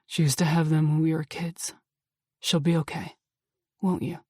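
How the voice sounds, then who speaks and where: A calm, protective young man who speaks low and soft to soothe someone, voiced by a woman. It is an audiobook character voice, dropped well below her own pitch, with a dry, close sound. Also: moderate pace, husky, dry recording. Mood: soothing.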